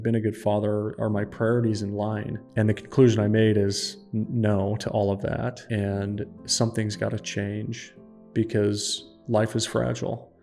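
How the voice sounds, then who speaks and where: Podcast guest: gravelly man, flat earnest delivery, speaks with conviction. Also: lowish voice. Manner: emphatic, earnest, declaring. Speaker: podcast guest, startup founder. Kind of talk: personal storytelling.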